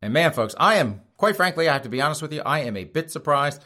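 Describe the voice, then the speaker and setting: A man's voice: fairly high pitch, animated, fast, bright, forceful tone. A man hosting a comedic news show, reading stories and joking about them while addressing his audience directly.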